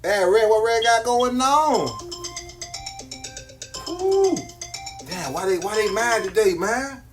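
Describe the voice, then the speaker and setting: A man's voice: sits high, animated, takes it slowly, faint music behind. Boastful man hyping on a live stream. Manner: boastful, slangy, repetitive hype. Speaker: live-stream jewelry seller. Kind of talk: casual live-stream hype talk.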